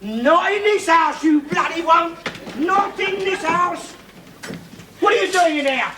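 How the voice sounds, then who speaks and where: An actor playing a loud, bigoted middle-aged working-class man in a 1970s TV sitcom, ranting and swearing constantly. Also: very high-pitched, unhurried. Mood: furious. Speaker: bigoted head of the household. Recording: hissy old TV soundtrack.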